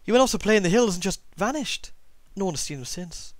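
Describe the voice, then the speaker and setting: A man's voice: high-pitched, expressive, quick pace, dry recording, voice pushed up. A man voicing an older village woman who tells local folklore, reading game dialogue aloud in a put-on accent. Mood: grave. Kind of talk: let's play character voicing.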